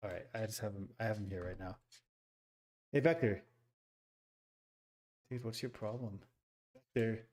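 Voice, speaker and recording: Excitable man streaming a robot setup. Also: on the low side, fast. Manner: excitable, talks to viewers while fiddling with a robot. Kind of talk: casual live-stream setup chat. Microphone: computer mic, second mic added.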